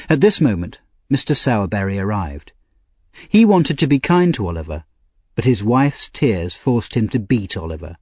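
A low-pitched man with a slightly husky voice reads a story aloud in a measured, expressive way. His pitch moves lively up and down, and the sound is dry and close. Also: dry recording. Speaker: narrator. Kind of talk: audiobook narration.

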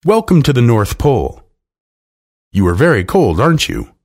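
Figure: kind male polar bear. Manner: gentle, welcoming. Performer: a man. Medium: storybook. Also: mid-range voice, wildly swooping pitch, normal speed, pitched above the performer's own voice. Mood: kindly. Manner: kindly.

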